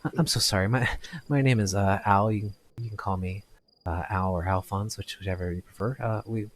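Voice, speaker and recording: A stammering, apologetic shopkeeper in a tabletop game, low-voiced and eager to help, as a game master puts him on. He trips over his words and keeps saying sorry. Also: fairly even intonation, fairly quick, lightly acted. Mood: flustered. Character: flustered human male shopkeeper, polite.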